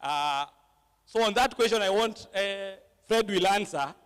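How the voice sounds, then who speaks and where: A man's voice: high-pitched, lively intonation, a little slow, fairly bright tone, clean tone, in a large hall. A man moderating a church panel discussion, switching between English and Swahili, with frequent fillers and tag questions.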